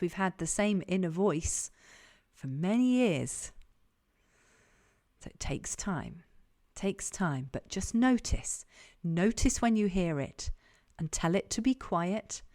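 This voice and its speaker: A woman leadership coach guiding an online group session, calm and encouraging, repeating her key questions. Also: medium pitch, measured pace. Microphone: online call.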